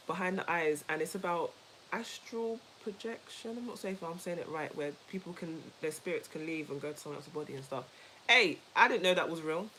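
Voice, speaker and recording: A woman co-hosting a casual chat, telling a story in an animated, emphatic way, repeating herself and laughing easily. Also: fairly low pitch, a little hiss or hum, low-quality recording. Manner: laughs easily while talking. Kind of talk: casual chat with a co-host and viewers.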